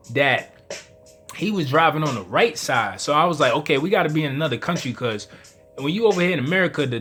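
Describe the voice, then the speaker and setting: A man, a spiritual vlogger telling a dream story to camera in a casual, animated way, acting out his own lines as quotes. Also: mid-range voice. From New York.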